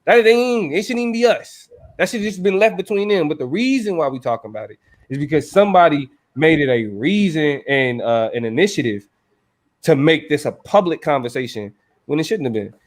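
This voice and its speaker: A man's voice: fairly high pitch, expressive, a little fast. A man co-hosting a casual podcast chat. He speaks emphatically, swears freely, and restarts his sentences often. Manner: emphatic, profane, many restarts. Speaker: podcast co-host.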